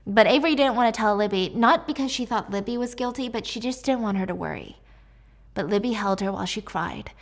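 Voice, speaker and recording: A woman's voice: medium pitch, vocal fry. A young woman retelling a novel's plot in a casual, chatty way, full of fillers and slangy asides. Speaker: book recap creator. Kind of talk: casual storytelling recap.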